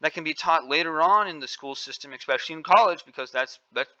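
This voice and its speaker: Man, ranting news commentary, emphatic and repetitive, very bright tone, dull lo-fi audio. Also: fairly high pitch, quick pace. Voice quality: emphatic, indignant, repeats phrases for stress. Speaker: commentary vlogger.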